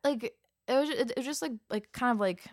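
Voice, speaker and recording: A woman's voice: on the high side, fast talker, a little mellow, no room sound, clean studio sound. A young woman telling a friend a long story in casual chat, rambling with lots of fillers. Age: young adult. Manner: rambling, many fillers, acts out quoted voices.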